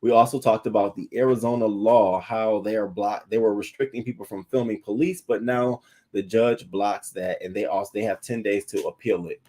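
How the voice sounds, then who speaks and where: Male host, low mellow voice, sassy and profane gossip commentary. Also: moderate pace. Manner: sassy, profane, animated asides; reads quotes aloud, then reacts. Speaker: news and gossip show host. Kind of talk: casual commentary.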